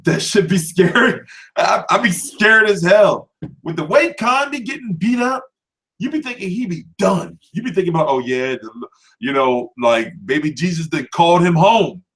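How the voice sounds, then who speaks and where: Animated, high-pitched profane boxing ranter. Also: male voice, moderate pace. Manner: animated, laughing, mimics voices mid-story. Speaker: boxing commentary host. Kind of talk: casual profane boxing rant.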